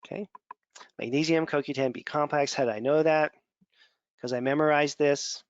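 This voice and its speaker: A man's voice: a little high, fairly even intonation, moderate pace, clean tone, dry recording. Man lecturing casually, dull dry recording. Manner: conversational, digressive, repeats words while thinking. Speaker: functional medicine instructor. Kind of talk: casual lecture over slides.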